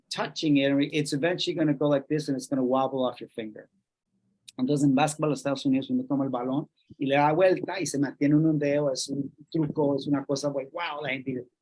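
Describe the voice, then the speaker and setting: A man from Colombia, presenting a workshop in a measured way, pausing and restarting as he switches between English and Spanish. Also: mid-range voice, a little mellow.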